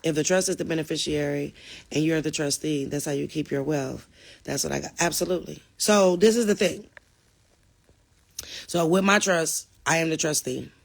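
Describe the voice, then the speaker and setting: A woman's voice: deep voice, steady tone, normal speed, gravelly. A middle-aged woman hosting a livestream, casually reading and answering viewer comments and addressing them as y'all.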